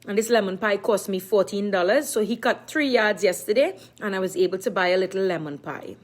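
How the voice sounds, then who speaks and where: A woman's voice: medium pitch, fairly quick. A middle-aged woman talking casually to her viewers in an emphatic, repetitive way, often speaking of herself in the third person. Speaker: live-stream vlogger.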